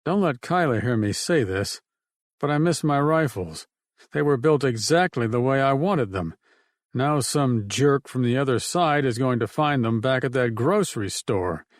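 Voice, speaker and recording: A man's voice: medium pitch, animated, normal speed, dry recording, lightly acted. A man voicing a practical, blunt man with dry humor in an audiobook. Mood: wry. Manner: blunt and wry. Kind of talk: audiobook narration.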